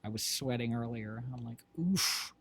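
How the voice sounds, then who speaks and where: A medium-pitched man speaking at normal speed, with a noisy background behind him. He's a middle-aged co-host and creator of a home livestream, casually rambling to viewers and frequently using fillers and correcting himself. Audio comes through a desk microphone, and he wears headphones.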